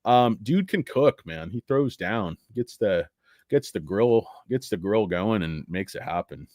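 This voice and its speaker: A man's voice: fairly low pitch, animated, a little slow, darkish tone, dry recording, clean studio sound. A middle-aged man hosting a casual livestream, rambling and cursing as he rants and reads chat. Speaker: stock livestream host.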